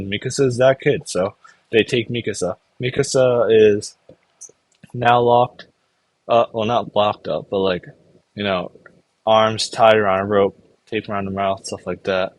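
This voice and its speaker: A man's voice: fairly low pitch, fairly even intonation, no room sound, rough recording. A young man casually recapping an anime, rambling and briefly acting out the characters. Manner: rambling, acts out characters in quick put-on voices. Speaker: anime reviewer.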